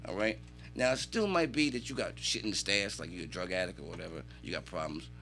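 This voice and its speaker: A man telling animated, swear-filled stories as a podcast guest in a radio studio. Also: low-pitched, fast talker, creaky, soft background music. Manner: animated storytelling, heavy swearing. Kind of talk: casual chat.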